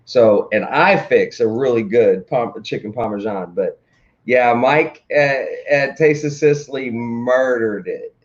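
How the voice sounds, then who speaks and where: A man co-hosts a casual live morning show, rambling along with plenty of fillers and false starts. His voice sits at an ordinary middle pitch for a man. The sound is dull and lo-fi, like a home live stream. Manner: rambling, halting, many fillers and restarts.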